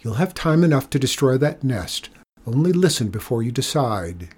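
Serious young teacher in a storybook, read by a man, earnest and pleading, husky tone. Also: mid-range voice, very animated, moderate pace, darkish tone.

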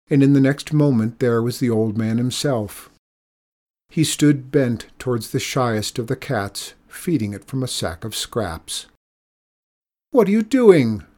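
A man's voice: mid-range voice, unhurried, darkish tone. Man reading a storybook aloud.

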